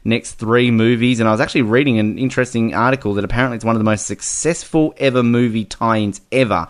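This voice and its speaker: A man's voice: medium pitch, fast. A man co-hosting a podcast, chatting casually about a film and laughing often as he retells scenes. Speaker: podcast co-host. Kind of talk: casual movie review chat.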